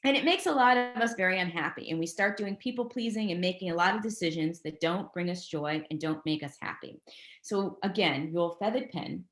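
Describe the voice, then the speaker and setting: Brief: woman career coach, lower voice, upbeat webinar delivery, roomy echo. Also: a little fast. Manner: energetic, motivational, goes off on tangents. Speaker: presenter of a career master class. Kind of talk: webinar talk.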